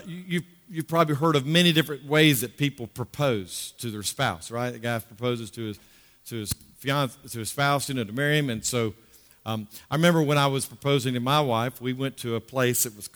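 A man's voice: medium pitch, a bit bright. A middle-aged male pastor preaching a conversational sermon, repeating words for emphasis and drawing out key phrases. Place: large church hall. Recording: long hall reverb.

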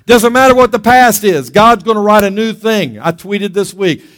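A man preaching a sermon as pastor, lively and calling for amens from the church. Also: sits high, moderate pace, big-room sound.

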